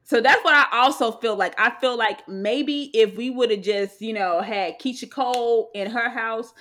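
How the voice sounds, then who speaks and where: Woman, fairly high voice, rambling, emphatic, casual co-host. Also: moderate pace, a bit bright. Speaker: podcast co-host. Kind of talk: casual chat.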